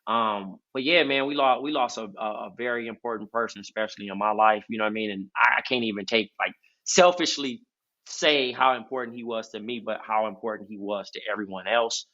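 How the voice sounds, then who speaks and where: Nasal-voiced man, bright and muffled. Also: on the low side, fairly quick. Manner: loose, rambling storytelling with many fillers. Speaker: podcast co-host. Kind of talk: casual podcast chat.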